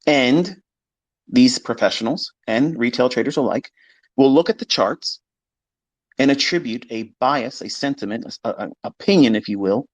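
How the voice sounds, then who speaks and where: A man's voice: mid-range voice, highs cut off. A man gives an unscripted monologue, blunt and combative, swearing freely. His voice sits in an ordinary middle register. The sound is dry and close, with no room echo. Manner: blunt, profane and combative, mimicking critics in quoted voices. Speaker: trading educator.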